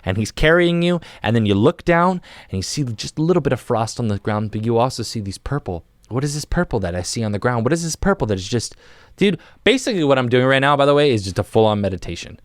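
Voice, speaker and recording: A young man on a podcast, talking a listener through a comic mock guided meditation in a soft, drawn-out, playful way, often restarting his sentences. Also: medium pitch, animated, no room sound. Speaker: podcast guest.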